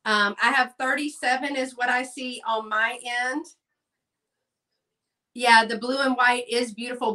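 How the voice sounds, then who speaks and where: A woman's voice: on the high side, animated, a little slow, long pauses, bright, forceful tone, recorded from a distance. A chatty woman hosting a live sale stream, reading out bids and saying y'all. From Texas. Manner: chatty, says y'all, reads bids aloud. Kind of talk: live selling stream, casual chat.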